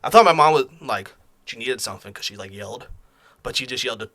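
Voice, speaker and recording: Quick, bright man, slightly out of breath. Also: mid-range voice, animated. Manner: quick, blunt, swears casually. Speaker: podcast co-host. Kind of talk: casual sports chat.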